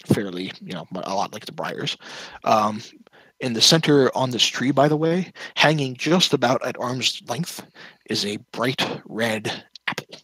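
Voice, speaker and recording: A man narrates as game master at a tabletop game, describing scenes and pausing on fillers as he goes. His voice sits low, bright and forceful with a husky grain, recorded dry and close. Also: no room sound, low-quality recording.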